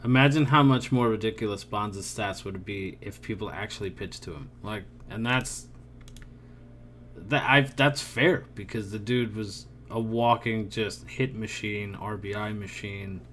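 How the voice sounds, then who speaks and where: Male podcast co-host, lowish voice, rambling and loose, faint hum behind the mic. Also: a little slow, fairly bright tone. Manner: rambling, laughs often, trails off. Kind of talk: casual chat about baseball.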